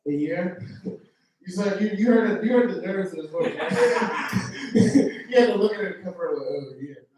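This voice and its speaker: Brash stand-up man, high voice, echoey club. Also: big pitch swings, normal speed, recorded from a distance, crowd noise. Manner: brash, casual slang, teasing the audience. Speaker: stand-up comedian. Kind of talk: stand-up with crowd work. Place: comedy club stage.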